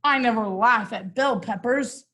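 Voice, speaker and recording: A woman reading aloud, voicing a serious, humorless male farmer in a storybook with flat, solemn lines. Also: fairly high pitch, unhurried. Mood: stern.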